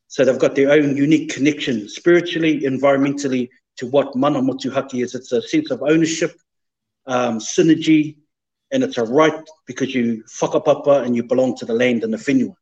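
A man, a guest in an interview, speaking in a measured, thoughtful way and mixing te reo Māori words into his English. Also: mid-range voice, darkish tone. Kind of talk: reflective interview talk. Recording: slightly dull, lo-fi sound.

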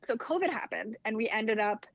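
A woman chatting as a podcast guest, telling a personal story in a lively, casual way. She fills her talk with "like" and acts out the dialogue she quotes. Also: fairly high pitch, a little fast, vocal fry, no echo. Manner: animated, acts out quoted dialogue, heavy use of "like". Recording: dull lo-fi dry sound.

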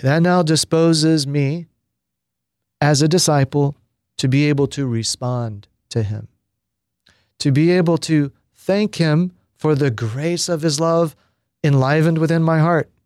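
A man, a priest, giving a spoken retreat teaching on prayer in an unhurried, reflective way with pauses and fillers. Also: on the high side, darkish tone, no room sound, studio quality.

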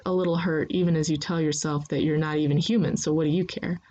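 A woman narrating a second-person story in a steady, unhurried reading voice. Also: sits low, low-quality recording.

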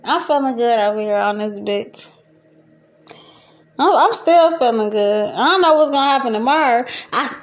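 A podcast host from Detroit, USA, speaks in a high, loud voice full of profanity during a rambling casual monologue. She laughs a lot and swings between loud excitement and low muttering.

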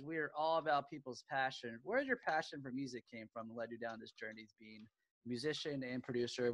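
A man's voice: a little high, bright, forceful tone, no echo, rough recording. A man hosting a casual interview podcast, eager and upbeat, talking with plenty of fillers and restarts. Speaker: podcast host.

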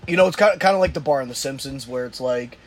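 A man's voice: medium pitch, quick pace. A man co-hosting a casual podcast, rambling with lots of fillers and crude jokes. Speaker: podcast co-host. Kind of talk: casual chat.

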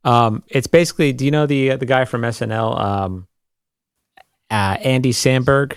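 A man's voice: medium pitch, moderate pace, clear, resonant tone, dry recording. Easygoing man on a dry mic. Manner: easygoing, hesitant with many ums. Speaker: podcast co-host. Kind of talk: casual chat.

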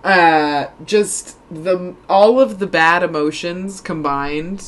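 A woman's voice: fairly low pitch, takes it slowly. A young woman co-hosting a podcast, telling blunt, swear-filled stories in casual chat. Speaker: podcast co-host.

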